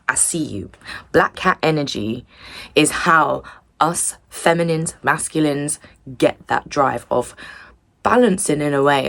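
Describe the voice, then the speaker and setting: A woman's voice: extremely low pitch, vocal fry, no echo. A young woman giving a rambling, earnest tarot reading in a loose, chatty way. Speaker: tarot reader. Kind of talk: casual spiritual tarot reading.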